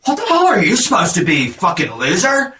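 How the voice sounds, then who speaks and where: A man's voice: sits high, wildly swooping pitch, fairly quick, sharp tone, distant mic, pitched above the performer's own voice, full character voice. A man voicing a crude young jock bully leading a gang, sneering and taunting.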